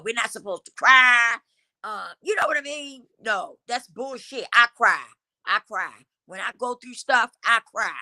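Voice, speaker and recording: A woman hosts a livestream and talks straight to her viewers with emphatic, preaching conviction. Her tone is bright and forward, with a dry, close sound. She speaks in casual vernacular and sounds a little stuffy from a cold. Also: a little high, dry recording. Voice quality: slightly congested from a cold. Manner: emphatic, preachy, addresses the audience as y'all; African American Vernacular English speech. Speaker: livestream host. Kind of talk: casual motivational talk to viewers.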